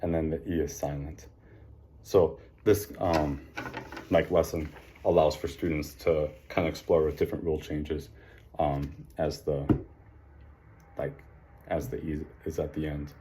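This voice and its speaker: Male teacher, low mellow voice, upbeat praise, drawn-out letter sounds, filler-heavy. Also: level tone, slight background noise. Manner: encouraging, sounds out letters slowly; frequent fillers like um and like. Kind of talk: classroom phonics lesson.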